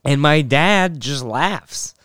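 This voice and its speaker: A man's voice: fairly high pitch, expressive, slow, fairly bright tone, clear, resonant tone, dry recording, clean studio sound. A young man hosting a podcast, telling rambling self-mocking stories and laughing often. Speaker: podcast host. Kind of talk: casual storytelling monologue.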